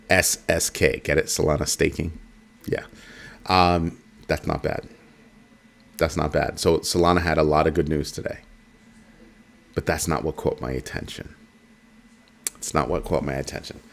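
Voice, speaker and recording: A man hosting a casual crypto commentary show, animated and jokey, repeating his points. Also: deep voice. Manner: animated, repetitive, jokey asides.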